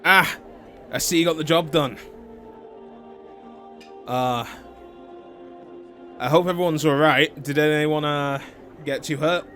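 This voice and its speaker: A man's voice: a little high, steady tone, slow, long pauses, sharp tone, faint music behind. A man voicing a friendly, reassuring town guard in a tabletop game. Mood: cheerful.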